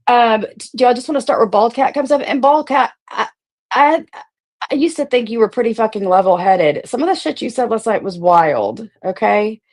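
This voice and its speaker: A woman's voice: on the high side, normal speed, a little mellow. Rambling, profane woman streamer. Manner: rambling and profane, greets viewers one by one. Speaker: livestream host. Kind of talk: casual live-stream chat.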